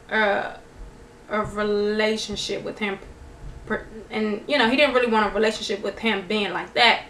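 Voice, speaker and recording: A woman casually recapping a TV show in a vlog, chatty and animated, quoting people as she goes. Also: mid-range voice. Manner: chatty, animated retelling with quoted dialogue. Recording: echoey room, faint noise.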